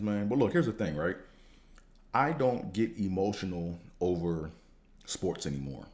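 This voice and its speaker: A man hosting a podcast, talking in a casual, slangy, profane monologue that rambles and jumps higher when he gets fired up. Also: darkish tone. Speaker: podcast host.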